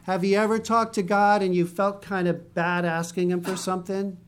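A preacher giving a Bible-teaching sermon in a conversational way with joking asides, reading scripture slowly. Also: medium pitch, flat delivery, clean tone.

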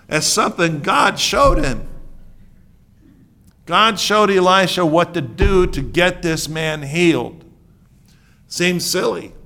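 A fairly high-pitched man preaches a sermon in an animated, conversational style, joking with the congregation. He swings between hushed asides and loud outbursts.

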